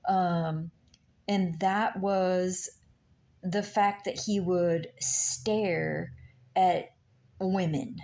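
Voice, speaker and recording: A woman slowly telling a painful personal story, halting with many pauses and fillers, recorded on a laptop mic. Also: on the low side, steady tone, vocal fry, warm tone. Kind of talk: personal testimony, slow and halting. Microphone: laptop mic on her lap.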